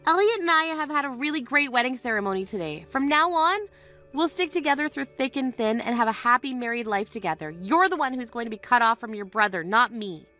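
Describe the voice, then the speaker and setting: A woman's voice: a little high, lively intonation, a little fast, sharp tone, soft background music. A woman voicing an indignant young bride who answers with cutting firmness in a voiced text-story drama. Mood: cold firm.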